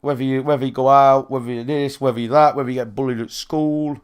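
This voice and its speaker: A man's voice: mid-range voice, steady tone, quick pace, clear, resonant tone. A man with a British accent, a gaming live streamer chatting casually with his viewers, rambling and swearing, often checking if they follow him. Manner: rambling and sweary, often asks "do you know what I mean".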